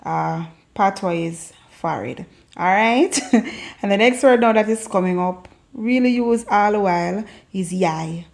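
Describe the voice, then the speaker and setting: A woman's voice: medium pitch, measured pace, gravelly. A woman from Jamaica with a Jamaican accent, teaching Patois words in a casual, playful vlog. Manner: playful, laughs often while teaching.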